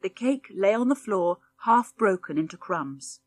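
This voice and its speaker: A woman reads a children's story aloud with clear, expressive storytelling. Her voice sits in a mid register. The studio sound is dry and close to the mic. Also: mid-range voice, measured pace, no room sound. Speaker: audiobook narrator. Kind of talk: scripted narration.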